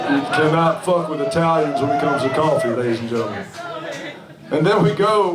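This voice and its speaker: Rambling man chatting from the stage. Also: fairly high pitch. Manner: rambling, swearing, chuckling storyteller. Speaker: singer-songwriter and bandleader. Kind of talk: between-song stage banter. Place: restaurant music venue on stage. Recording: echoey live room from far off.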